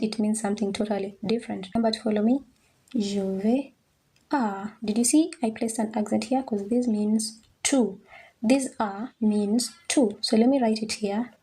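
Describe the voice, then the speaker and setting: A woman teaching French at a board, patiently repeating words slowly for learners. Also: a little high, warm tone, husky. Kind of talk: slow classroom explanation at a board.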